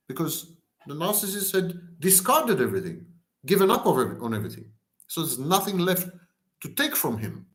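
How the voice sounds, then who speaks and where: Man lecturing in rhythmic lists. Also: mid-range voice. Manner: lists words in long rhythmic strings. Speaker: lecturer on narcissism. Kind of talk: explanatory lecture.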